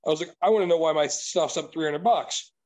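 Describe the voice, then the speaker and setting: A man with a high-pitched voice tells a long story in relaxed conversation. He swears freely and sounds exasperated throughout. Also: brisk, rough recording. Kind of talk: casual chat.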